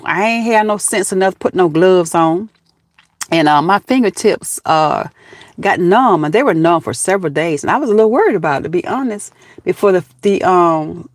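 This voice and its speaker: A woman's voice: mid-range voice, no echo. A folksy woman with a Southern US accent chats casually with her live stream viewers, sprinkling in "baby" and "honey." She is from Georgia and talks from outdoors. Her voice sounds dry, close and plain.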